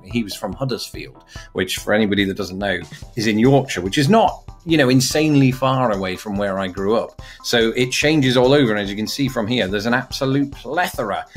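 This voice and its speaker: A young man from England, chatting wryly as a video host, with faint music behind. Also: mid-range voice. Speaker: YouTube host. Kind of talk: casual commentary.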